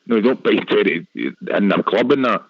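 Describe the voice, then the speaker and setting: Low-voiced panelist telling stories. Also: male voice, fairly quick, vocal fry, husky, no echo. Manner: storytelling, animated asides. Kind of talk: casual radio banter. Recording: dry, dull lo-fi audio.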